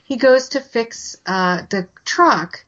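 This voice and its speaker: A woman's voice: fairly high pitch, expressive, takes it slowly, fairly bright tone, muffled recording. Chatty woman co-hosting a film podcast. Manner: chatty, with many "like" fillers and laughs. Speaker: podcast co-host. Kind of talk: casual movie-review chat.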